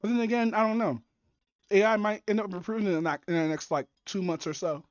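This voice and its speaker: A woman's voice: medium pitch, fairly even intonation, quick pace, a little mellow, no room sound. A woman streamer chatting casually while reacting to videos, swearing often and rambling with many fillers. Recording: dull, dry muffled audio.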